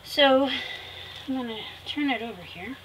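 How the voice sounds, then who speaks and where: A woman's voice: sits high, lively intonation, normal speed, low-quality recording. A woman chatting casually through a craft tutorial, talking fondly to her viewers and laughing at herself. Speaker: craft vlogger. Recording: noticeable background noise.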